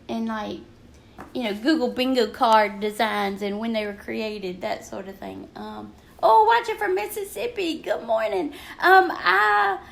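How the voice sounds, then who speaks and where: A woman's voice: high voice, gravelly. Chatty older Southern woman. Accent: Southern American. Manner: chatty and rambling, greets viewers by name. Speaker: craft livestream host. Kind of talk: casual livestream chat. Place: at home craft desk.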